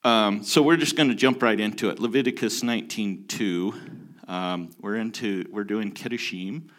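A man teaching from the Bible with emphatic, deliberate delivery, stressing key words and pausing for effect. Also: fairly low pitch, a bit bright.

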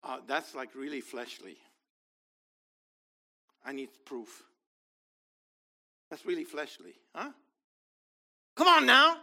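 A man preaching a sermon, animated, acting out scenes and questioning his congregation. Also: medium pitch, slow, long pauses. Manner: animated, acts out biblical figures, talks to congregation. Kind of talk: sermon, Bible teaching.

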